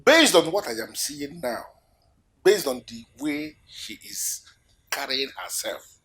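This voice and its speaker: An actor playing a furious scheming politician in a film, speaking with a Nigerian accent, loud and agitated. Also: male voice, mid-range voice, very animated, takes it slowly, exaggerated voice. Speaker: kingdom politician. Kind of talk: film acting.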